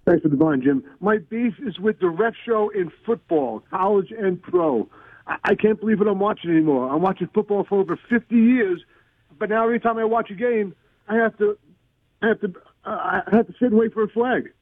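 A man's voice: sits high, a little fast, no room sound. A man, calling a sports radio show and ranting in exasperation. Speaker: caller. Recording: tinny dry phone line.

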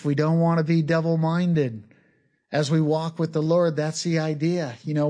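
A man preaching with a fairly high voice, slow and earnest. He talks to the congregation in a conversational way, pausing often to drive each point home. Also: a little mellow. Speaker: pastor. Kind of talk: sermon.

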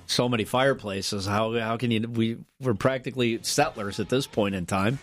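A man co-hosting a morning radio show, chatting casually and telling jokey, animated stories. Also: on the low side, moderate pace, soft background music.

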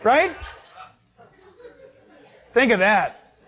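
A middle-aged male pastor preaching a sermon, animated, acting out little dialogues and laughing along. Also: very high voice, extremely slow, some chatter behind.

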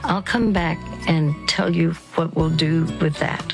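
A woman hosting a radio counseling show, speaking gently and haltingly with fillers and restarts. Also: low voice, loud music behind the voice, low-quality recording.

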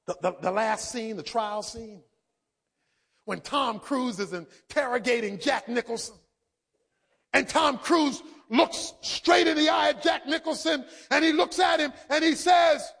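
Male preacher with a very high voice. Dramatic sermon delivery, quiet lows and shouted peaks. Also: measured pace, gravelly, breathy edge. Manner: swings between quiet low asides and shouted emphasis; dramatic, acts out quoted speech.

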